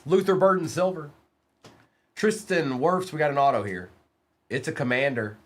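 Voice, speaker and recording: A man hosting a live-stream card break, reading off player names quickly and teasing viewers between bursts of excitement. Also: fairly high pitch.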